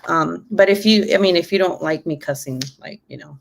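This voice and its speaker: A woman's voice: fairly low pitch, normal speed, vocal fry, a little hiss or hum. A woman in her twenties chatting casually on her live stream, cussing freely and laughing often. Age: 20s. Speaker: YouTuber.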